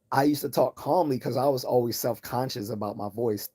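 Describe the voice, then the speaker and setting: A man with a calm, low-key voice hosts his own livestream in a loose, rambling monologue. His tone is warm and mellow, sitting at an ordinary pitch for a man. He keeps doubling back on words and drifting into tangents. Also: normal speed. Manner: tangent-prone, many restarts and repeated words. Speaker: livestream host.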